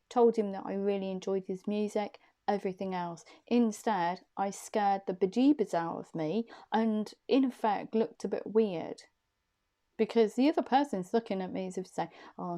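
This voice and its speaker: A woman's voice: medium pitch, mellow. A woman, a reader chatting casually and laughing at herself as she tells a personal story. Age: young adult. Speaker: intuitive reader.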